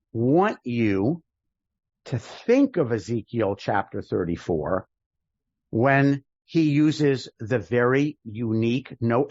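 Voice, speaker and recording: A man's voice: mid-range voice, darkish tone, no echo, highs cut off. A man, a rabbi, teaching a class in a casual lecture style, thinking aloud with restarts and rhetorical questions. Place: synagogue classroom with video call.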